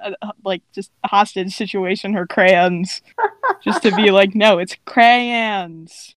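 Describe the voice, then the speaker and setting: A woman co-hosting a casual podcast from a closet at home, excitable and going off on tangents. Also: medium pitch, unhurried, dry recording. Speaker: podcast co-host. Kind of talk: casual chat.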